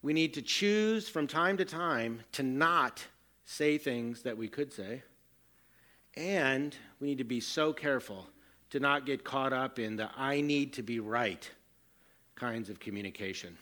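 Bright-voiced man preaching a sermon. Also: mid-range voice, a little slow. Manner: earnest, self-deprecating storytelling. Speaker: pastor.

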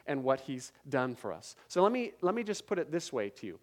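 A man's voice: medium pitch, big pitch swings, a little fast, hardly any pauses. A male pastor preaching a sermon at a church service, emphatic, with repeated phrases and rhetorical questions to the congregation.

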